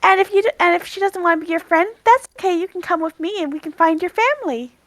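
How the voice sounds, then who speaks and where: Woman, tabletop player, gentle coaxing in-character talk, high pitch. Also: quick pace, no echo. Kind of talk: tabletop role-play.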